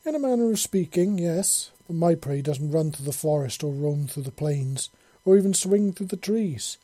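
A man's voice: a little high, lively intonation, normal speed, dark tone, no room sound. A man voicing a wry, teasing older male fisherman with a jaunty, boastful way of talking, in a storybook reading.

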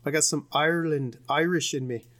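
Young male podcast co-host, casual sports recap, jokey and rambling, slightly higher voice. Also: steady tone, a little fast, a bit bright. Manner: joking, rambling, with put-on bits.

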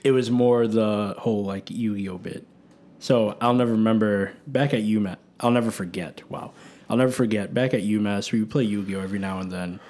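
A man co-hosting a podcast, chatting casually in an animated way. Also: lowish voice, brisk. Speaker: podcast co-host. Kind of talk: casual chat.

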